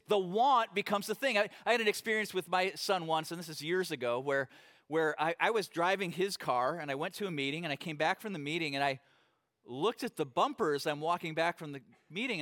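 A middle-aged pastor delivers a sermon in a fairly high voice. He preaches conversationally and tells stories with lively acted-out quotes. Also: fairly quick.

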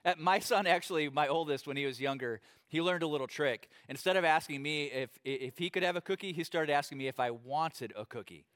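A middle-aged man preaching a sermon as pastor, talking in a conversational, animated way and telling stories with acted-out quotes. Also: a little high, fairly quick, few pauses.

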